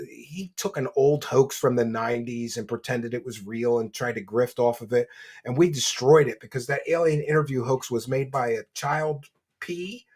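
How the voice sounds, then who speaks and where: A man hosting a livestream, reading donations and mocking a guest in a boastful, rambling way. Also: mid-range voice. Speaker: livestream host.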